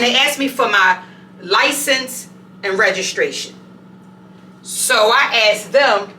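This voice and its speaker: A woman vlogger telling a story in an animated, conversational way at home. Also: on the high side, reverberant, far from the mic, slight background noise, rough recording. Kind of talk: storytime vlog. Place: home bathroom.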